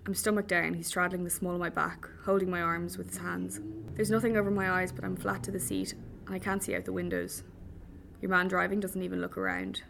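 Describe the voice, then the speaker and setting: A woman's voice: fairly low pitch, little pitch movement, brisk, gravelly, fairly bright tone, a little hiss or hum. A woman reading a first-person story with dry humour. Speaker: audiobook narrator.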